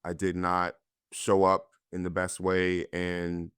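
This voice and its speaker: A man's voice: sits low, completely flat delivery, slow, fairly bright tone, clean tone, no echo, studio quality. A man from North Carolina, an actor guest, earnestly and candidly telling his own story in a conversation.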